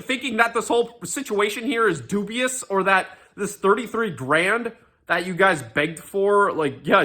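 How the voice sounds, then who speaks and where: Sarcastic, animated young man ranting. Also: on the high side. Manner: sarcastic, profane, mocking, with frequent fillers and restarts. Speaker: commentary ranter. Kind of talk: casual rant commentary.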